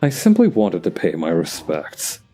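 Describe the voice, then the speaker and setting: A man's voice: deep voice, wildly swooping pitch, moderate pace, dark tone, faint music behind, pitched below the performer's own voice, exaggerated voice. A man voicing a smug, wealthy male rival club owner in a put-on British accent, haughty and theatrical, for a fan dub of a game. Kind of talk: fan voice-over of game dialogue.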